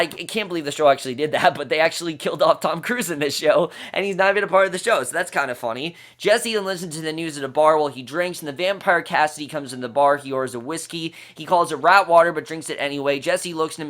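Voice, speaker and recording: A man with a voice pitched a little above the usual walks through a TV episode scene by scene. He sounds casually enthusiastic and chatty, often stumbling over restarts and fillers as he shares his opinions. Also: a bit bright. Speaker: TV series reviewer. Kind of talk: casual episode recap and review.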